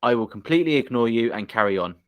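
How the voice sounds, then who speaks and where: A man's voice: medium pitch, expressive, fast talker, clear, resonant tone, no echo, highs cut off. Male host, playful interviewer, dry close sound. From United Kingdom. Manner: chatty, teasing, laughs often. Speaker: podcast host. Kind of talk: casual interview chat.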